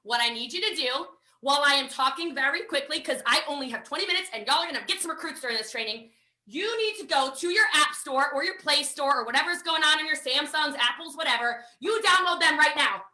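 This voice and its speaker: A high-voiced American woman with a sharp, forceful tone runs a live online sales training. She talks in an energetic, emphatic way and hammers her points home by repeating them. Her voice rings a little in a roomy space. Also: fast talker. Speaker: network marketing trainer.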